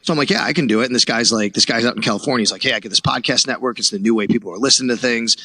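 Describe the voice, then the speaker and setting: Fast, bright-voiced man telling a story. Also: medium pitch. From Buffalo, New York. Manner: animated, acts out quoted dialogue. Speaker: podcast guest, sports reporter. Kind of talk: casual storytelling interview.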